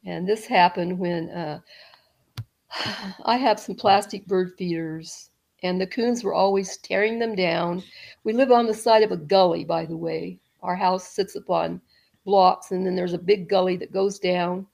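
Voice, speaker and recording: Middle-aged lady guest rambling thru a story, gravelly fry, lots of restarts. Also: lowish voice, fairly even intonation, unhurried. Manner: rambling, with restarts and soft laughs. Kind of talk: casual storytelling interview.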